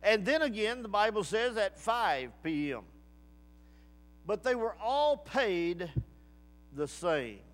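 High-voiced male preacher in a reverberant hall. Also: sing-song, slow pace, long pauses. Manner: folksy storytelling with emphatic rising outbursts. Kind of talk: sermon. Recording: long reverb of a large hall.

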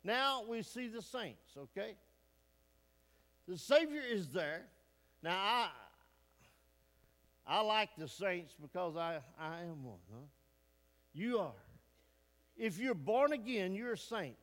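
Man, pastor, folksy emphatic sermon, high voice, church hall reverb. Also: very animated, takes it slowly, pauses often, fairly bright tone. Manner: folksy, emphatic, asks the congregation questions. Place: church sanctuary.

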